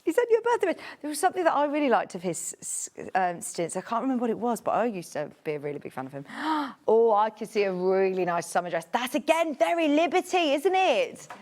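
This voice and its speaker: A woman's voice: brisk, hardly any pauses. A woman presenting fabric on a live shopping channel, chatty and gushing with delight. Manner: chatty and gushing, swoops high with excitement. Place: TV studio.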